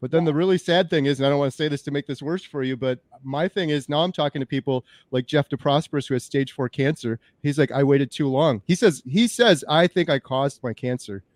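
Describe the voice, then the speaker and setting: A man's voice: fairly high pitch, no room sound, clean studio sound. A man hosting an interview, talking in an upbeat, enthusiastic way in casual conversation. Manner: enthusiastic, upbeat, quick to praise. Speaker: host.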